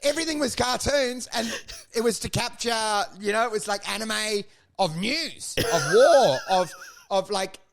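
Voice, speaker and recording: High-voiced excitable man. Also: unhurried, creaky, slight background noise. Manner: excitable, swearing, riffing, laughing. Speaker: podcast co-host. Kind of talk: crude comedic podcast banter.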